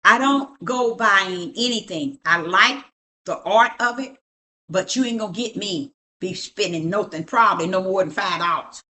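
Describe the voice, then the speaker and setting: A woman's voice: mid-range voice, moderate pace, pushed and bright. A middle-aged woman, a prophetess, talking emphatically and preachily as she shows things around her home, often asking "you see?". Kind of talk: casual show-and-tell at home.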